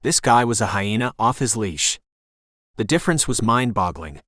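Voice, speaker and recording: A man narrating a romance audiobook in the first person with steady, intense storytelling on a close studio mic. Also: on the low side, normal speed, no echo.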